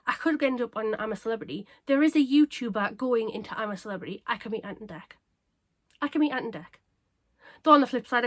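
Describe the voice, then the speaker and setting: A woman chatting casually to camera as a craft vlogger, bubbly and self-mocking, her voice a little croaky. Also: on the high side. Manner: bubbly, excitable and self-deprecating. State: slightly croaky.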